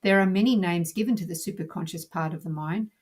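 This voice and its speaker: Woman narrator for an instructional lesson: lower register, a little husky, calm and measured. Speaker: teacher. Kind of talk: scripted narration.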